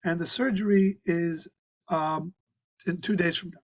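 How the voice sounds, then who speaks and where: A male rabbi delivering a sermon as a conversational story, halting with frequent restarts and fillers. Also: sits high, fairly even intonation, poor audio. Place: synagogue.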